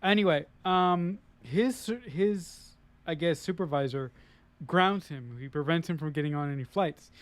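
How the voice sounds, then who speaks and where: A man's voice: fairly high pitch, unhurried, no echo. A man co-hosting a casual film discussion, retelling the plot loosely with many fillers and restarts.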